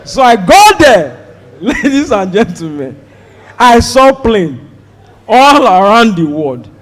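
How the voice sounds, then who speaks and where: A Nigerian man performs stand-up, his voice sitting high and leaping all over the place as he tells the story. He acts out the people in it and breaks into shouts along the way. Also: slow pace, in a large hall. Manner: animated, shouts and mimics voices while telling the story. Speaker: stand-up comedian.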